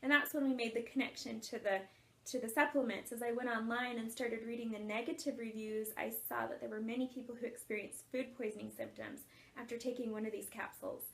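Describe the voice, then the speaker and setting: High-voiced woman, earnest life coach. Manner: earnest and emotional, laughs often while telling. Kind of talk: personal storytelling talk.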